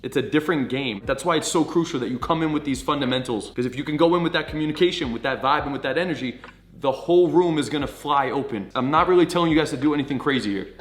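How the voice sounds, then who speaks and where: A man's voice: on the high side, fast talker, slight background noise. A man coaching viewers on social confidence, in a blunt, profane, pep-talk manner. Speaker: dating coach. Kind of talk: direct-to-camera coaching monologue. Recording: echoey room.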